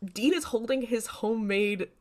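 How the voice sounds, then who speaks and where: A woman co-hosting a podcast, retelling a TV episode in casual, animated chat with frequent laughter. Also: a little high, moderate pace. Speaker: podcast co-host.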